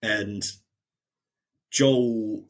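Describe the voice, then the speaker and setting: A man's voice: fairly low pitch, steady tone, very slow. A man, co-hosting a podcast and casually retelling scenes from a show. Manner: retelling scenes, quoting characters in a lighter voice. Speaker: podcast co-host. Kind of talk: casual chat.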